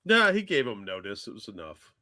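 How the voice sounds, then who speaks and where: A man's voice: lowish voice, wildly swooping pitch, a little fast, bright, forceful tone. A man co-hosting a casual political chat show, bantering in a dismissive, sardonic way. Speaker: show co-host.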